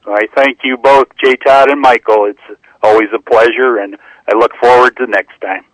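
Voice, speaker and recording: A man calling in to read his poem aloud in a slow, measured recitation, heard over a phone line. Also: mid-range voice, steady tone, fairly bright tone, no room sound. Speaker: caller reading a poem. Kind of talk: poetry reading over the phone.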